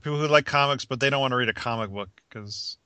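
Bright-voiced man ranting casually. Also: medium pitch, fast, no room sound. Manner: rambling, frequent restarts, laughs at own jokes. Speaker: podcast co-host. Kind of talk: casual chat.

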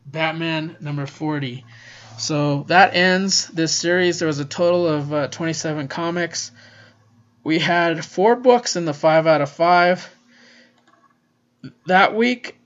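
A man's voice: on the high side, fairly even intonation, slow, pauses often, fairly bright tone. A man hosting a casual solo podcast, gushing and swearing freely as he reviews comics, recorded on a laptop's built-in mic. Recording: roomy, distant, dull laptop-mic recording.

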